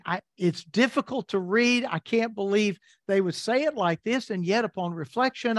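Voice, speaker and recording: Slow, deliberate preaching man. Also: high voice, no room sound, clean studio sound. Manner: slow, deliberate reading of scripture with lively asides. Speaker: pastor. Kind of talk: sermon. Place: church sanctuary.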